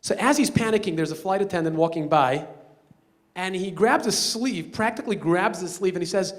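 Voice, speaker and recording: A man speaking as a rabbi storyteller at a banquet, animated and acting out the characters in his story. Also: sits high, a little fast. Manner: animated, acting out quoted voices. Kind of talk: storytelling speech. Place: banquet hall.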